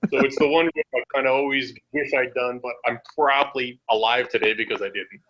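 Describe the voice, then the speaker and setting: A man's voice: mid-range voice, brisk. A man telling wrestling road stories as a podcast guest, acting out voices and swearing freely. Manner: animated, acts out voices in his stories. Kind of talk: casual storytelling. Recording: dull lo-fi podcast audio.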